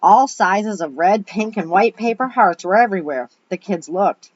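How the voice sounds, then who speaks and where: A woman's voice: medium pitch, normal speed. A woman reading a children's book aloud, with chatty asides between passages. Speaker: reader. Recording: dull lo-fi recording.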